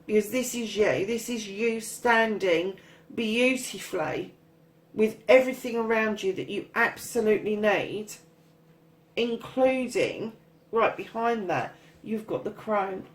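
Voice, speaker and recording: A woman's voice: medium pitch, measured pace, distant mic, low-quality recording. Chatty, swearing woman reading tarot. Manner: chatty, encouraging, swears casually. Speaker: tarot reader.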